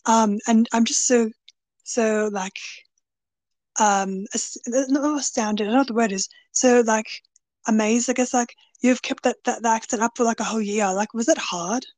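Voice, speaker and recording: A woman's voice: on the high side, fairly even intonation, moderate pace, a little mellow, no room sound. Hesitant, curious woman podcast host. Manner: hesitant, searching for words, curious questions. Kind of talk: casual podcast chat.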